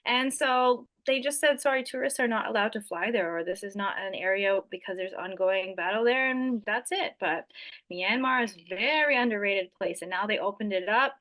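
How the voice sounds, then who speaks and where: A woman guest in a casual podcast chat, speaking in an easygoing, agreeable way. Her voice sits at an ordinary middle pitch. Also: moderate pace, a bit bright, rough recording.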